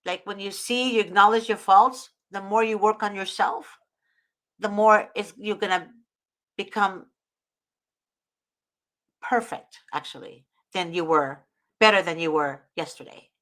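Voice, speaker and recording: Woman host, mid pitch, earnest and preachy, casual advice talk. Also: unhurried, long pauses, a bit bright. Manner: earnest, preachy, often invoking God.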